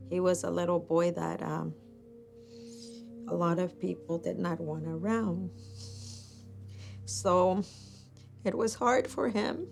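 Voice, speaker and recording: Gravelly woman speaking slowly, near tears. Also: on the low side, fairly even intonation, faint music behind. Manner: slow, emotional, tearful. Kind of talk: interview.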